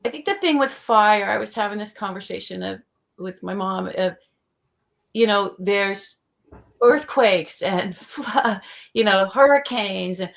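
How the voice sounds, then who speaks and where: A woman's voice: medium pitch, unhurried, creaky. Woman, midwestern-raised host, casual, restarts sentences as she thinks. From Tornado Alley, US Midwest. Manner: thinking aloud with many restarts. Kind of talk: casual discussion.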